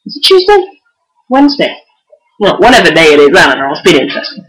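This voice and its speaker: A woman's voice: low voice, very animated, fast talker, low-quality recording. Giggly girl telling a story. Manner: giggly, chatty, full of "like" and restarts. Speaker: vlogger. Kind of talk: casual storytelling to camera.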